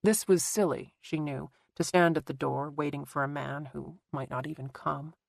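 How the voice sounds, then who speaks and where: A woman narrating a thriller audiobook in a measured, even storytelling manner. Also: low voice, vocal fry, no echo. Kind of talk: scripted narration.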